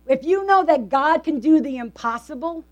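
A woman pastor speaks at a normal speed in a high, animated voice with a darkish tone. Her church sermon is conversational, and she regularly asks the congregation rhetorical questions.

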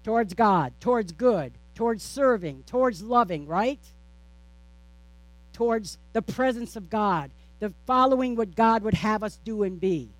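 A female pastor preaches in a consistent, repetitive rhythm, using rhetorical questions and playful asides that poke fun at herself. She speaks at medium pitch and a measured pace, with no room sound.

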